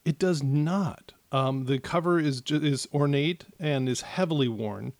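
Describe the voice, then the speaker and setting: A man narrating as game master of a tabletop game, with many pauses and restarts. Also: on the high side, no room sound. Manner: hesitant, many fillers and restarts.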